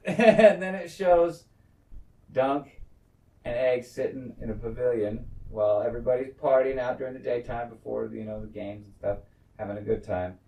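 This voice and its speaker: Animated man recapping in an echoey room. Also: mid-range voice, normal speed, far from the mic. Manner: animated retelling, quotes characters, swears. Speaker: podcast co-host. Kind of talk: casual recap chat. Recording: echoey room, away from mic.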